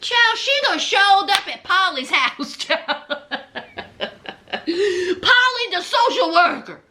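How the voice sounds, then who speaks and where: Sassy, lively-voiced woman vlogger. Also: very high-pitched, slow. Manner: sassy, exclamatory, storytelling. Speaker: reality TV recap vlogger. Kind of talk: casual commentary recap.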